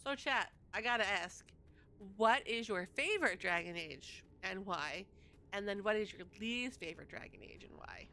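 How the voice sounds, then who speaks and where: A woman's voice: medium pitch, lively intonation, normal speed, sharp tone. A young woman hosting a livestream, chatting casually and addressing her chat directly. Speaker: livestream host.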